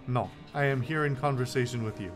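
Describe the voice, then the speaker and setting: A man's voice: medium pitch, fairly quick, over music, natural voice. A man voicing a pompous, portly male detective in a video game with a put-on French accent, speaking in a fussy, courteous and theatrical way.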